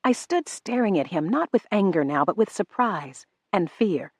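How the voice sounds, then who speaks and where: A woman reading a novel aloud in first person, measured and restrained. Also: mid-range voice, expressive, no echo, studio quality. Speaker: audiobook narrator. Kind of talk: first-person audiobook narration.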